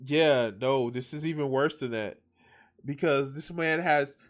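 A man's voice: mid-range voice, a little slow, faint music behind. A man hosting a reaction video, rambling and swearing in casual commentary. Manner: rambling, swearing, self-mocking.

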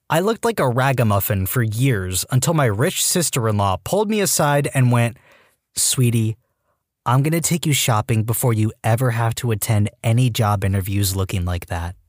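A man narrating a series of online posts in an expressive, read-aloud style. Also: medium pitch, no room sound, studio quality. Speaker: narrator reading Reddit posts.

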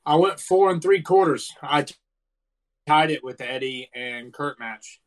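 Male co-host in his thirties, lightly raised voice, animated and profane storyteller in casual chat. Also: on the high side, measured pace. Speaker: podcast co-host. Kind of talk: casual wrestling review chat.

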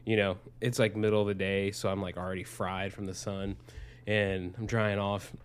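Young adult man, podcast co-host, loose profane storytelling, slightly low voice. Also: little pitch movement, moderate pace, a little hiss or hum. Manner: rambling, profane, lots of fillers. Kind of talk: casual storytelling. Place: Arizona.

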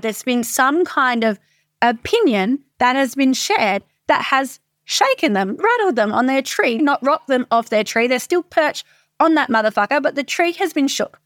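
A woman's voice: high voice, animated, moderate pace, a bit bright, no room sound, studio quality. A woman in her thirties, a coach, talking casually and candidly with frequent swearing, in a motivational monologue. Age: 30s.

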